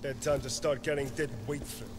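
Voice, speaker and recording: A man's voice: on the high side, steady tone, a little fast, a crowd in the background, close to an everyday voice. An actor playing a cold, contemptuous male mercenary in a video game. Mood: scornful. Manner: curt, contemptuous.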